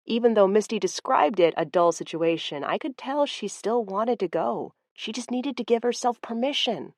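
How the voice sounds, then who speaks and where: A woman narrating a first-person audiobook in a calm, even, lightly amused way on a close studio mic. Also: medium pitch, normal speed, few pauses, no echo.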